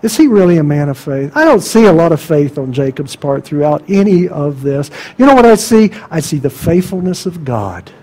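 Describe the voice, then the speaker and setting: A man preaching a sermon, emphatic and conversational, asking the congregation rhetorical questions and dropping to quiet asides. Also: fairly high pitch, very animated, moderate pace, few pauses, rough recording.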